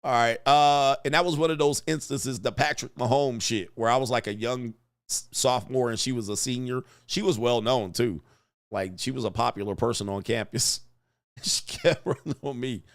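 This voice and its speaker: A man telling a rambling high school story in casual commentary, swearing, laughing often and acting out what people said. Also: normal speed, no room sound, studio quality. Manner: animated, profane, laughs often, acts out quotes. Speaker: commentary streamer.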